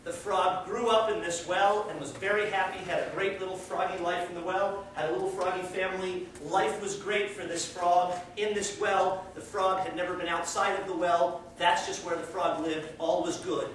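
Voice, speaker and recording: A man teaching a college class in an easy, encouraging way, turning animated when he tells a story. His voice sits high for a man. He is picked up from a distance in a very echoey classroom with faint room noise. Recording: echoey classroom, heard from far off.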